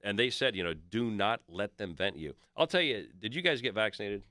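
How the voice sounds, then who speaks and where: A man's voice: fairly low pitch, expressive, brisk, pushed and bright, no echo, clean studio sound. A man in his fifties, a podcast guest, telling stories in casual chat and quoting others in his own voice. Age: 50s.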